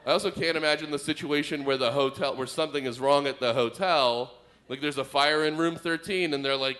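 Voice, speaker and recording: A man's voice: on the high side, brisk, fairly bright tone. A man doing a stand-up comedy set as co-host, telling rambling observational stories on stage. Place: stage before a live audience.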